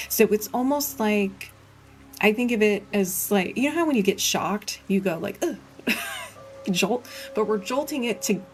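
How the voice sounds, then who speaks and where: A woman hosting a live Reiki session, chatting casually and rambling as she answers viewers, laughing often. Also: mid-range voice. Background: soft background music.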